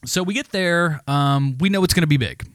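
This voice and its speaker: Profane ranting man, fairly high voice. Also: moderate pace, no room sound, studio quality. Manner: heavily profane, animated ranting. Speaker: podcast co-host. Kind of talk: casual storytelling chat.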